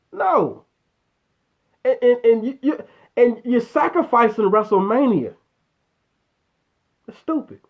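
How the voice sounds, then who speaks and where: A man with a high-pitched voice hosts a casual live chat show, ranting bluntly and swearing freely as he answers a viewer. His talk is full of restarts and exasperated asides. The sound is dull and lo-fi, like a home stream. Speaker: show host.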